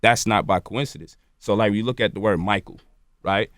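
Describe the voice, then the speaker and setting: Low-voiced man lecturing in dry studio sound. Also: fairly quick, a bit bright, dry recording. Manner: explains at length, tags points with "right?" and "you feel me?". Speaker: guest on a radio show. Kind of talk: lecturing interview talk. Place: radio studio.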